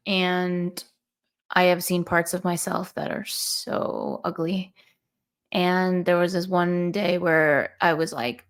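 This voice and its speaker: Brief: woman with a lowish voice, candid and reflective, podcast storytelling. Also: fairly bright tone. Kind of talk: casual podcast conversation.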